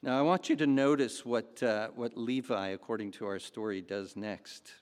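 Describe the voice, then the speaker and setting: In a darkish, mid-range voice at an ordinary pace, a pastor delivers his sermon like he's telling stories, sprinkling in fillers and side remarks. The recording carries a long reverb, as in a large hall.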